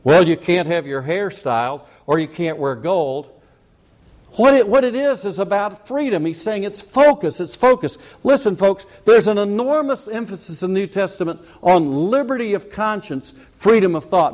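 A man's voice: on the high side, darkish tone. An older male pastor preaching a folksy, conversational sermon full of asides and rhetorical questions.

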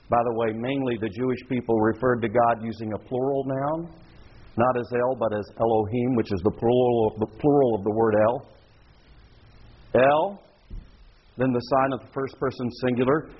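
A man preaching a sermon as pastor, dramatic, acting out pleading worshippers in a high, rising voice. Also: breathy edge. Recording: dull lo-fi recording.

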